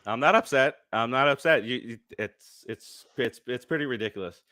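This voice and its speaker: Bright, defensive male podcast co-host. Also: medium pitch, normal speed, no echo, studio quality. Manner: defensive, swears freely, self-deprecating. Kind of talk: casual sports chat.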